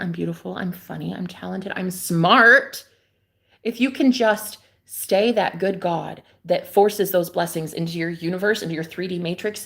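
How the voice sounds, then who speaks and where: A young woman livestreaming from a backyard, talking in an excitable, gushing way that jumps between loud exclamations and hushed whispers. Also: on the low side, gravelly. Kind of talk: casual livestream chat. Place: outdoors in a backyard.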